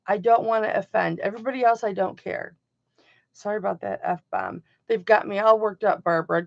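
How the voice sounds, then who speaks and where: A middle-aged woman hosting a live-stream jewelry auction, chatting casually and emphatically with her viewers, her voice swinging between loud and soft. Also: a little high, gravelly, dry recording. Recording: dull lo-fi home stream audio.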